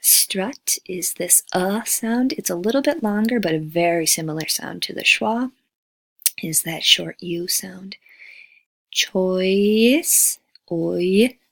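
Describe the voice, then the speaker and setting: A woman, an English as a second language teacher, giving a recorded lecture and slowly modeling vowel sounds. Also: medium pitch, vocal fry, a bit bright, no room sound.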